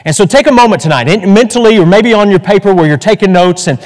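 Pastor guy, folksy and chatty, fairly high voice, echoey church hall. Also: animated, quick pace. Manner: folksy, chatty, many fillers and restarts. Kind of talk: evening church teaching.

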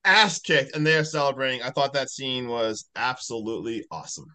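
A man in casual podcast talk, enthusing over favorite film scenes with lots of "like" and "literally". His voice is bright and forceful. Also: medium pitch, moderate pace. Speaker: podcast co-host, leads discussion. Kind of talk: casual chat, film discussion.

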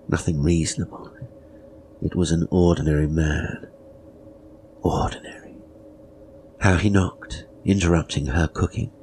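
A man narrating a horror story in a measured, grave way, sometimes dropping to a whisper. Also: sits low, a little mellow, a little hiss or hum. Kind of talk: dramatic horror story reading.

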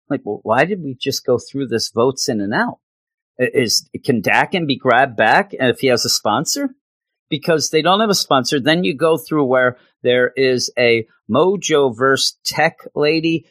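A man's voice: medium pitch, lively intonation, a little slow, fairly bright tone, no echo. A man hosting a podcast, recapping a comic in a sarcastic, exasperated way with stammering restarts. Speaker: podcast host. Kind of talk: casual comic book recap.

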